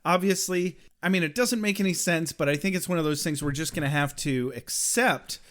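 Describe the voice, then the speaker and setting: A young man co-hosting a casual chat, talking in an animated way and acting out quoted lines. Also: a little high, brisk. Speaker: podcast co-host.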